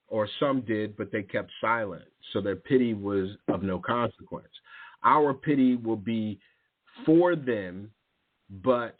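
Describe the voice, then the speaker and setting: Guy on a phone line rambling about faith, lots of restarts, acts out voices in his stories, mid-pitched voice. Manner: animated storytelling, acting out quoted voices. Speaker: radio show host and youth coach. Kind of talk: casual spiritual talk radio.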